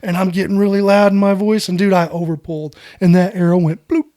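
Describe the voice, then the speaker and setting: Podcast guest: middle-aged American man, casual and animated, fairly high, mellow voice. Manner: animated, fast storyteller who keeps saying "dude". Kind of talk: casual storytelling.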